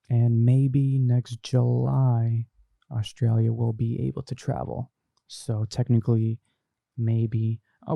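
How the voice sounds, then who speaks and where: This young guy runs a casual podcast where he reads live chat comments aloud and riffs on them in an easygoing live-stream style. He speaks in a warm, creaky, mid-range voice. He's recorded on a desk microphone through a mixer, and there's no room sound.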